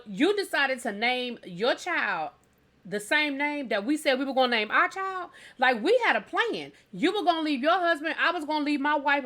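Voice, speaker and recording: A man's voice: very high voice, bright, forceful tone, voice pushed up, full character voice. A woman voicing a jealous man who demands to know if a child is his, in an accusing, insistent manner. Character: jealous former lover demanding answers.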